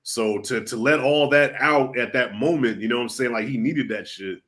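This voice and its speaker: A man guesting on a pop-culture podcast, telling stories in an animated, emphatic way with lots of repeated words and an openly sentimental streak. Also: mid-range voice, moderate pace. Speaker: guest, fellow YouTuber.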